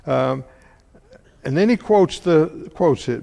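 A man preaching a sermon, halting and repeating words often, asking his listeners questions. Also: a little high, expressive, vocal fry, warm tone. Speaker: preacher or Bible teacher. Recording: long hall reverb.

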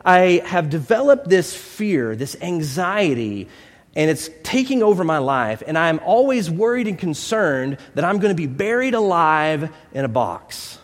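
A man voicing an anxious, excited woman client who pleads and frets. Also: on the high side, measured pace. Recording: long hall reverb.

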